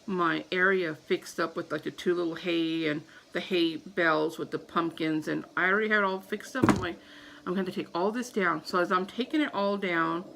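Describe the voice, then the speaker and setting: Woman in her 30s vlogging a wild story, acts out her panic, bit of gravel in her voice, faint room hum behind. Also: on the low side, normal speed, poor audio. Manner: animated, acts out her own panicked reactions. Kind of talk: casual storytelling to camera.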